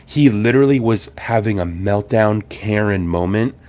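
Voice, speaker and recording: Low-voiced man telling a story casually. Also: moderate pace. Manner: animated, swearing, acts out quoted people. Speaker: podcast host.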